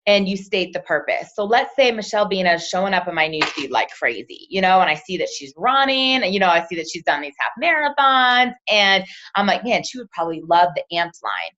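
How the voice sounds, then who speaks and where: A woman's voice: mid-range voice, expressive, a little fast, pushed and bright, dull audio. A woman leading a coaching talk for her team, chatty, acting out sample conversations and checking in with "right?". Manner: chatty, acts out sample chats in quoted voices, often asks "right?". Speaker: team leader coaching a sales team.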